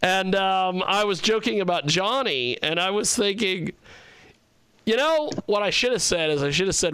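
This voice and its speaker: A man's voice: high voice, lively intonation, moderate pace, pushed and bright, clean tone, no echo. A man hosting a radio talk show in casual chat, telling rambling stories and laughing often.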